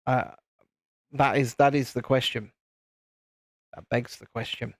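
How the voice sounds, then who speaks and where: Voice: medium pitch, steady tone, a little slow, vocal fry, no echo. Streamer rambling along while building, says stuff twice, dry sound. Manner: rambling, chatty, repeats phrases. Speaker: live-stream host. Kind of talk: casual live-stream chat while building. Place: home, live-streaming while building Lego.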